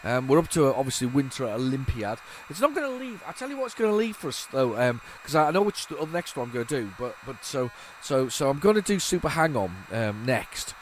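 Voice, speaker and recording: Medium in pitch but swinging widely, his voice moves a little fast with few pauses as he, a retro gaming host, waffles through casual commentary while loading old tapes, restarting frequently. Slight background noise can be heard.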